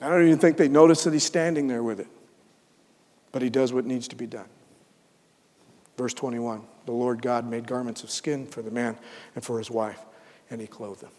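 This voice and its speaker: A man preaching a sermon, swinging from loud, fervent build-ups to hushed, almost whispered lines. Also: medium pitch, fairly even intonation, normal speed, long pauses, in a large hall. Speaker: pastor.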